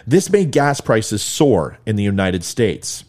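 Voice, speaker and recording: Male commentary host, middle-aged, heated and mocking, lively pitch. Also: slow. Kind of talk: ranting political commentary.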